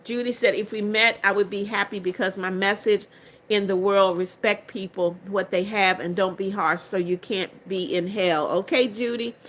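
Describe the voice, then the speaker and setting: A woman's voice: mid-range voice, fairly even intonation, normal speed, fairly bright tone. Older lady on a livestream, all congested, reading comments out and talking back to them, pretty blunt. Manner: chatty and blunt, answers comments one by one. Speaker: livestream host. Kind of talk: reading viewer comments aloud.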